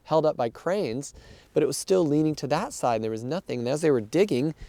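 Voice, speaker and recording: A man with a gravelly, low-toned voice tells his story as a missionary aid worker in a plain, conversational way. He talks earnestly and slips into the voices of the people he quotes. The recording is dry and close, with no room sound. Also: expressive, fairly quick, warm tone, dry recording. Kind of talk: casual spoken account of events.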